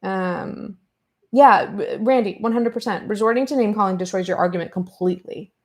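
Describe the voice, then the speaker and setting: A woman hosting a commentary podcast, retelling an online feud in an animated, fired-up way and acting out the exchanges. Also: medium pitch, normal speed. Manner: animated, fired-up retelling with quoted back-and-forth. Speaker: podcast host.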